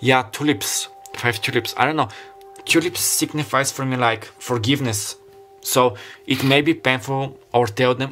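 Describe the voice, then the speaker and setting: Guy doing a tarot reading, mid pitch, kind of rambly and heartfelt, hunts for words, faint music behind. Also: moderate pace, a bit bright. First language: Bulgarian. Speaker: tarot card reader. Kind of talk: pick-a-card tarot reading.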